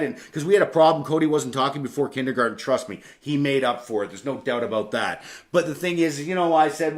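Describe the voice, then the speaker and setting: A man's voice: medium pitch, lively intonation, fairly quick, few pauses. Brief: podcast host in his forties, male, mid-range voice, loose and candid storyteller who swears offhand. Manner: conversational, candid, swears casually, lots of asides. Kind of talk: casual storytelling monologue.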